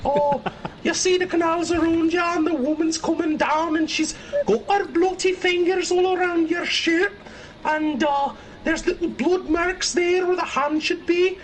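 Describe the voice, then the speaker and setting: Man faking a squeaky Irish elf, sing-song and over the top, podcast banter. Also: fairly even intonation, unhurried, slight background noise, low-quality recording. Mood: spooky teasing. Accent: Irish, put on.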